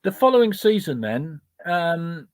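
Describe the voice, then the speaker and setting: A man's voice: fairly high pitch, sing-song, measured pace, dry recording. A male presenter interviewing a guest, chatty and prompting with tag questions. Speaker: radio presenter. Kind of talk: radio interview.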